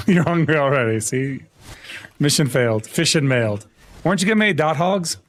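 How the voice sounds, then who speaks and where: A young adult man with a fairly high, expressive voice streams a game live at a moderate pace, with slight background noise. He chats casually, laughs often, and playfully protests his innocence with mock indignation.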